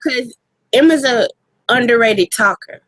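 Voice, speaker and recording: A woman co-hosting a casual wrestling podcast, animated and profane, laughing often. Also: on the high side, measured pace, no room sound. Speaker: podcast co-host.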